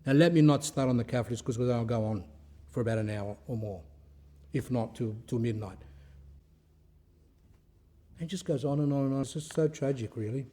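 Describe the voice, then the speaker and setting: A man's voice: medium pitch, moderate pace, pauses often, mellow. A man who is an Orthodox priest, giving an informal spiritual talk in a conversational, storytelling way, with rhetorical questions and phrases he often repeats.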